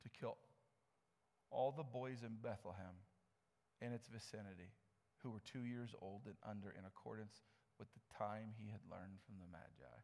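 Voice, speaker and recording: A man's voice: fairly low pitch, normal speed, gravelly, a little mellow, in a large hall. A male pastor preaching a sermon in a conversational way, often repeating words as he builds his point, in a church.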